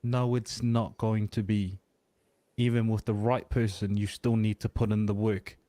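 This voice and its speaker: A man's voice: on the low side, flat delivery, measured pace, warm tone, no room sound. A man on a podcast making his point emphatically, in a lecturing way. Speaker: podcast guest. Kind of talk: casual podcast discussion.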